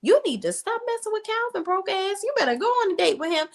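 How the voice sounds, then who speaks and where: A woman doing a shrill sassy male coworker. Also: sing-song, quick pace, full character voice. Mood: mocking. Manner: brash, insulting, profane.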